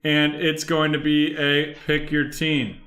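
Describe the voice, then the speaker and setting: A man's voice: fairly high pitch, completely flat delivery, slow, a bit bright. A young man hosting a live card break stream, rattling off card names and the buyers they go to.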